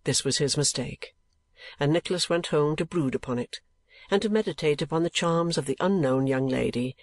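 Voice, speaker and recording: A man reading a classic novel aloud as an audiobook, in measured, even scripted narration. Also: a little high, dry recording. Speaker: audiobook reader.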